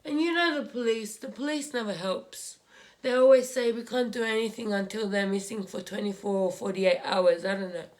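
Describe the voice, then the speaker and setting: A young woman, telling a painful family story in a vlog while crying, halting and repeating herself. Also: medium pitch. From Australia. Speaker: vlogger. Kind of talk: emotional personal story while doing makeup. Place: home room, indoors.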